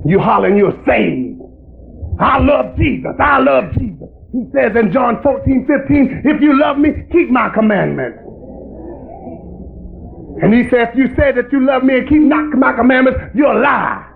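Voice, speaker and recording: A man preaching a fiery sermon in a very high, gravelly voice that rises into shouting. The recording is tinny and lo-fi, with a faint hiss underneath. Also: lively intonation, normal speed, soft background music.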